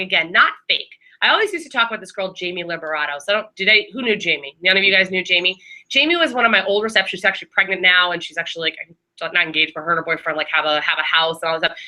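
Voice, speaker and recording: A woman training a class of new receptionists in a room, talking quickly and chattily with many fillers and restarts. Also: medium pitch, pushed and bright, low-quality recording. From Maryland.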